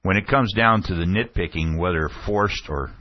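A man's voice: low-pitched, moderate pace. A man hosting a political talk show, retelling an exchange and commenting on it with growing indignation. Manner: indignant, acts out the quoted exchanges with rising heat. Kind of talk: opinionated commentary retelling an event. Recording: dull, slightly lo-fi dry sound.

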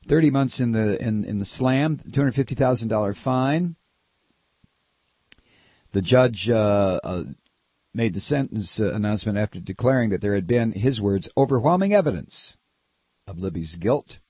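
A man's voice: fairly low pitch, breathy edge, no room sound. A man hosting a political talk show, ranting in a sarcastic, scornful, mocking way, on a dull, lo-fi recording. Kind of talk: political commentary rant.

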